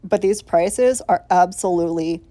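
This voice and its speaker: A woman's warm voice sits on the low side and keeps a moderate pace in a dry recording. She's a nail vlogger whose chatty voiceover, recorded separately from the video, gushes over each step of the tutorial with casual swearing mixed in.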